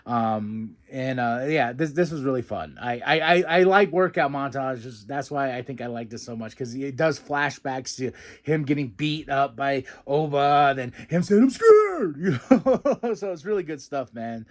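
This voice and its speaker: A young man hosts a podcast, casually recapping a wrestling show. He's animated, acting out the wrestlers' lines in put-on voices and laughing often, with a medium-pitched voice at a moderate pace.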